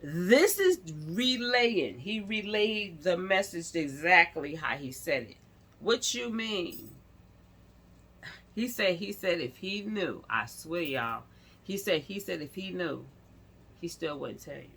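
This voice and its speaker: A woman's voice: fairly low pitch, animated, a little slow, fairly bright tone, slightly rough. A woman telling a story in a casual storytime vlog, talking straight to her viewers and rambling as she goes. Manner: chatty, speaks to viewers directly; rambling, full of restarts.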